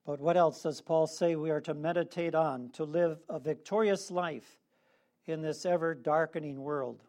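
A man preaching a sermon, leading the congregation in call-and-response with slow, emphatic phrasing. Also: on the high side, steady tone, darkish tone.

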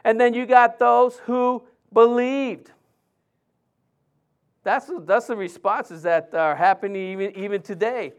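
A man's voice: high-pitched, fairly even intonation, slow pace, clear, resonant tone. A man, a pastor, preaching a sermon in church in a conversational way with frequent restarts.

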